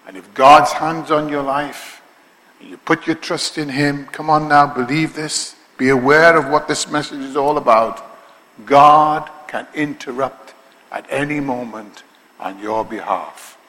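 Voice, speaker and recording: A man with a Liverpool accent preaching a sermon, moving from quiet conversational asides to loud, slow, drawn-out proclamations. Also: fairly high pitch. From Liverpool, England. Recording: long hall reverb.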